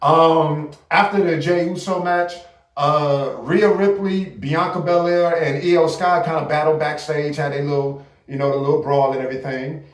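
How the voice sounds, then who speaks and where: A man's voice: on the high side, normal speed, recorded from a distance. A man hosting a casual wrestling recap livestream, ranting loosely with plenty of profanity. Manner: loose, profane, animated rants. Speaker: host. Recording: echoey room, voice off mic.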